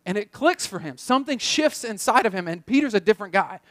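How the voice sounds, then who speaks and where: A man's voice: high voice, animated, quick pace, a bit bright, dry recording, studio quality. A man preaching a sermon as pastor, telling the story in a loose, conversational way and often repeating words as he thinks.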